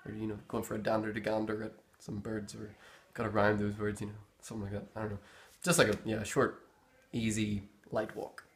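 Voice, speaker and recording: A man's voice: lowish voice, little pitch movement, a little fast, slight background noise. A young man with a Northern Irish accent, explaining local slang in a rambling, easygoing way as he searches for words. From Northern Ireland. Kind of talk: casual explanation.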